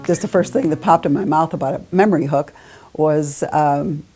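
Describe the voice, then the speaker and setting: A woman's voice: low voice, normal speed, warm tone, breathy edge, soft background music. A woman casually sharing a storytelling idea in a workshop, hesitant at times.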